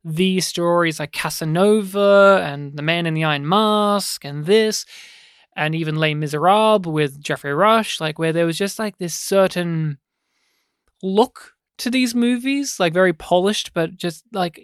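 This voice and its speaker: A man talking through a film on a podcast in a loose, rambling way, circling back on himself with fillers and restarts. His voice is smooth and clear. The recording is dry and close, with no room sound. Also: sits high, unhurried, no echo. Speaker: podcast co-host. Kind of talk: casual film discussion.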